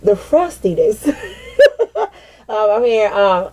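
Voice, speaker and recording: A woman's voice: mid-range voice, expressive, measured pace, warm tone, poor audio. A woman doing a casual tarot reading for viewers. She talks bluntly, swears freely, leans on "like" as filler and keeps asking her audience if they follow. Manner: blunt and profane, heavy on "like" fillers; talks directly to viewers, often asks "you feel what I'm saying?". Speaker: tarot reader.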